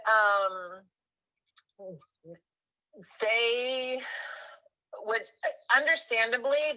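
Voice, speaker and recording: A woman in her thirties, a guest telling a personal story in a casual, animated way, rambling with fillers and correcting herself. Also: mid-range voice, rough recording.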